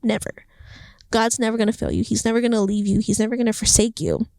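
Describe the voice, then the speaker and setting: A young woman talking about her faith in a casual vlog, chatty and animated, filling her sentences with "like" and acting out what was said. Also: on the high side, quick pace, creaky, no echo. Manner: chatty, heavy use of "like", animated quoting. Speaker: faith vlogger. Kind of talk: casual devotional vlog monologue. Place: indoors, Los Angeles home. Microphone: phone or camera mic.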